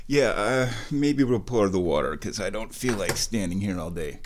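A man hosting a casual vlog, talking slowly and playfully, now and then slipping into high baby talk, a bit stuffy from sinus trouble. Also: animated. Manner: slow, drawling and playful, with high baby talk to his cat. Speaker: vlog host.

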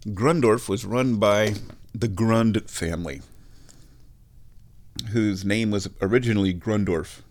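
A middle-aged man with a fairly low voice, talking through memories in a loose, rambling way. He mocks himself and chuckles at his own jokes as he goes. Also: slow pace, long pauses, darkish tone. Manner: chatty, self-mocking, laughs at his own jokes. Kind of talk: rambling personal storytelling.

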